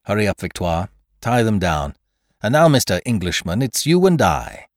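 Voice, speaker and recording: Daring thief with a deep, low voice, read by a man. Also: very animated, moderate pace, dry recording, studio quality. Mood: commanding. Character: bold gentleman thief, grief-stricken man.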